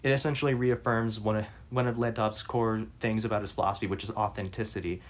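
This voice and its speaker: A man reading interview passages aloud and commenting on them, halting with frequent restarts and fillers. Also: on the low side, steady tone. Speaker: reader and commentator.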